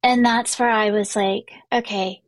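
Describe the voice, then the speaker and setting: A middle-aged woman hosts her podcast and tells a personal story in casual chat. She fills her talk with fillers and restarts. Her voice sits a little high, and the mic sound is close and dry. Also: fairly even intonation, unhurried, no room sound. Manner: chatty, many fillers and restarts. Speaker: podcast host.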